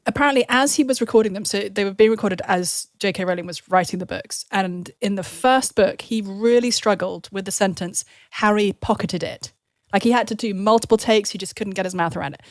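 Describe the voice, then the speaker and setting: A woman's voice: medium pitch, fairly quick, few pauses, no room sound. A woman co-hosting a podcast, playful, telling a story in casual chat. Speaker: podcast co-host.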